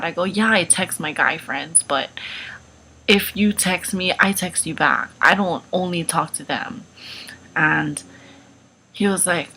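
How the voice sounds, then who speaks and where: A woman's voice: fairly low pitch, measured pace, sharp tone, slight background noise, rough recording. A young woman vlogging casually, chatty and full of "like" and "um" while she tells a personal story. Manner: chatty, lots of "like" and "um". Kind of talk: casual advice vlog storytelling.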